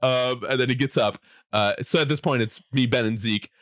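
A man casually telling a long anecdote to a friend, animated, often laughing and mimicking people. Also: mid-range voice, moderate pace, no room sound, clean studio sound. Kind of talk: casual storytelling chat.

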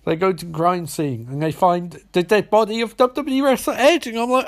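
A man's voice: high-pitched, normal speed, few pauses. A man recapping a TV episode in a casual, rambling way, with sarcastic asides and swearing. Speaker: show recapper.

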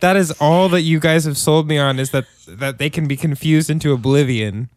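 A man's voice: fairly high pitch, moderate pace, slight background noise. A man arguing his point in a casual group chat, swearing freely.

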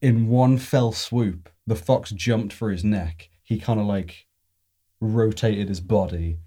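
A man telling a story in casual chat, animated and laughing often. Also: fairly low pitch, slow pace.

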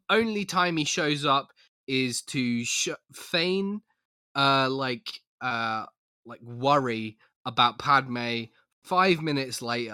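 Excitable, bright-voiced man podcaster. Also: medium pitch, clean tone, no room sound, clean studio sound. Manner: excitable, blunt, heavy swearing. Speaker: podcast co-host. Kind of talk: casual chat.

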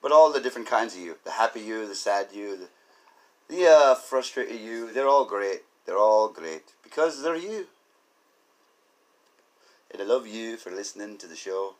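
A man's voice: lowish voice, lively intonation, moderate pace, long pauses. A man hosting a comedy podcast, rambling through goofy, self-mocking jokes in a loose monologue. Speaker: podcast host.

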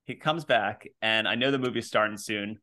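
A young man casually telling a funny story, animated and full of fillers and laughs. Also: on the low side, normal speed. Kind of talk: casual chat.

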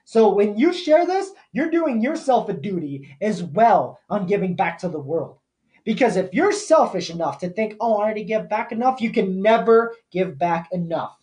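A man's voice: sits high, lively intonation, normal speed, darkish tone. A young man hosting a podcast, delivering a blunt, profane and fired-up motivational rant. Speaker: podcast host.

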